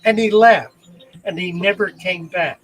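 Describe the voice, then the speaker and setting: Older man, high voice, slow deliberate storytelling, emphatic, faint birds behind. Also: a bit bright, a little hiss or hum, poor audio. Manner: deliberate, emphatic retelling with heartfelt pauses. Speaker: channel host. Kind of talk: storytelling anecdote.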